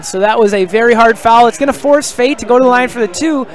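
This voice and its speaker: A man doing live play-by-play of a high school basketball game from the gym, excitable and shouting on big plays, with casual chatty asides. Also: quick pace, few pauses, a little hiss or hum.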